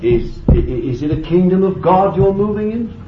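A man with a high-pitched voice and lively intonation preaches a sermon at a moderate pace, breaking into fervent exclamations of praise and bursts of laughter. The recording is echoey, dull and lo-fi, with faint noise.

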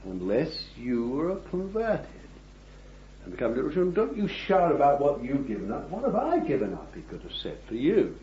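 A man preaching a sermon, reading scripture and addressing his listeners as beloved, swinging from hushed words to loud ones. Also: medium pitch. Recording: dull, echoey old recording.

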